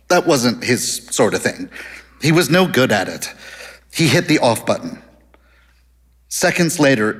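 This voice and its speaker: A man reading a story aloud as narrator, in a wry, measured storytelling manner with lively emphasis. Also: mid-range voice. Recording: long hall reverb.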